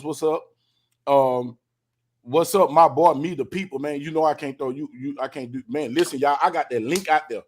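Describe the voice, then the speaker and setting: A man's voice: fairly high pitch, darkish tone. A man hosting a casual livestream chat, talking loosely and in slang straight to his viewers. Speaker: livestream host.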